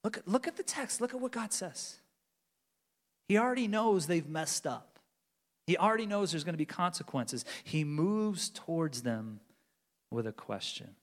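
Pastor preaching with swinging intensity, high-pitched. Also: male voice. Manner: swings between loud urgency and hushed near-whispers. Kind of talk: sermon. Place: large church sanctuary. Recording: long reverb of a large church hall.

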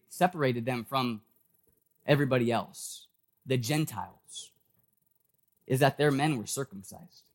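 A man preaching a sermon in a church, talking casually and acting out the people in his story. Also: high-pitched. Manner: conversational preaching, acts out quoted voices. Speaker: pastor.

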